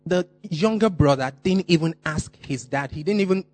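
A man preaching a sermon, stressing and repeating key phrases, slowing down on important words. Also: on the high side, darkish tone, no room sound.

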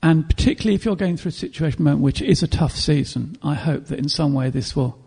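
A man preaching a sermon in an earnest, reflective way, pausing to clear his throat and restart phrases. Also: on the high side, dark tone.

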